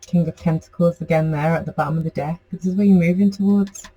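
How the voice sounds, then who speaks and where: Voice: medium pitch, fairly even intonation, fast talker, dark tone, muffled recording. A tarot reader giving a casual, chatty reading to camera, rambling with many fillers.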